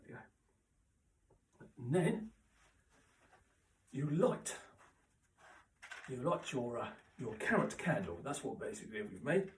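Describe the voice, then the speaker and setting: A man doing a rambling, deadpan comic monologue, halting and full of restarts and asides. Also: fairly high pitch, slight background noise. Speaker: comic character host. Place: chilly indoor room. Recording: roomy echo, mic at a distance.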